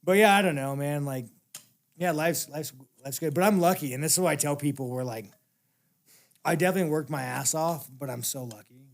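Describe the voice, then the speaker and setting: A man sits in as a guest for a casual interview, and his voice has a rough, gravelly edge. He tells his stories bluntly and swears freely. He often breaks into laughter as he talks. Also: a little high, brisk. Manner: blunt, profane storytelling; laughs while telling stories.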